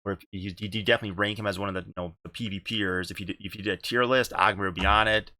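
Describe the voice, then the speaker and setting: A man's voice: on the low side, fairly even intonation, racing, bright, forceful tone, no echo. A man hosting a casual gaming podcast, rambling and repeating himself, with casual swearing. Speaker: podcast host and streamer.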